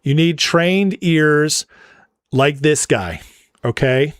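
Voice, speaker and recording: A mock-indignant livestream host from Northern California who answers viewer comments in a playful, teasing back-and-forth. His voice sits a little high for a man, and it is recorded close and dry. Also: slow pace, no room sound. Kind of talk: casual livestream chat reading viewer comments.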